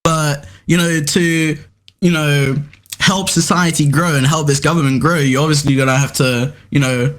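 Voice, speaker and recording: A young man defends an absurd position in a playful mock debate. He stays laid-back and deadpan and fills his speech with fillers, and his voice is slightly high for a man. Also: normal speed. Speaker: debate guest.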